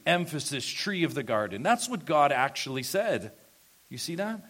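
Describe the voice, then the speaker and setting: Animated, emphatic male preacher. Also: a little high, normal speed, husky. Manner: emphatic, asks the congregation questions. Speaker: pastor. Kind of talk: expository sermon. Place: church.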